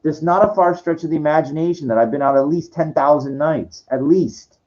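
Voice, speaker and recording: A man's voice: on the high side, brisk, a little mellow. Stammering, exasperated man in his forties. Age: 40s. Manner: repetitive, stammering restarts, profane and exasperated. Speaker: monologue speaker. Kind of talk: rambling personal rant. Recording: dull lo-fi audio.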